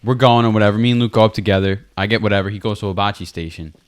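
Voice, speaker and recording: A man's voice: lowish voice, fairly even intonation, rapid-fire. A man co-hosting a casual chat, telling a story with laughter. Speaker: co-host.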